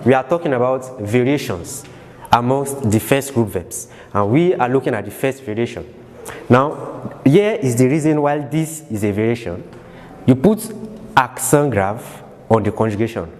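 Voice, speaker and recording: A man's voice: medium pitch, a little mellow. A man teaching French verb conjugation in English, explaining patiently and repeating each word again and again. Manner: repetitive, drills words again and again. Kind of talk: slow classroom explanation. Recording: long reverb with faint background noise.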